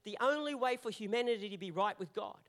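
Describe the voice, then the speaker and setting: A male pastor delivering a sermon in an animated, repetitive preaching manner, often restarting his phrases. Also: high-pitched, fast talker.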